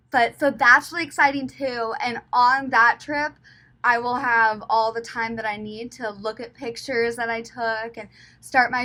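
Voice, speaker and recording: A woman's voice: a little high, sharp tone. A young woman with a light Southern US accent, chatting casually and rambling as she talks to her vlog audience. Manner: chatty and rambling, thinking aloud. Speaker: travel vlogger.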